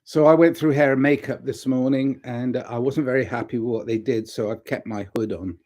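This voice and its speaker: Mellow-voiced man musing to camera. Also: medium pitch, a little fast. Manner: rambling and reflective, retells stories and gives gentle advice. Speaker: vlogger. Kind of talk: casual talking-to-camera monologue.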